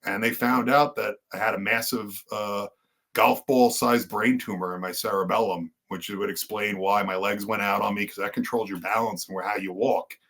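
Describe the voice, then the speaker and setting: A man's voice: fairly low pitch, fairly even intonation, normal speed, a bit bright. A man, a podcast guest and wrestler, telling his story in earnest conversational style with many fillers and restarts.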